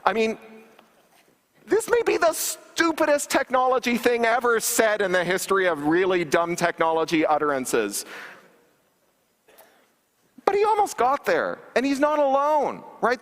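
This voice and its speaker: Brief: male keynote speaker, higher voice, wry and emphatic, booming hall reverb. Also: fairly bright tone. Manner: wry, emphatic, sarcastic asides. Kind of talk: public lecture. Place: large conference hall stage. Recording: reverberant hall livestream capture.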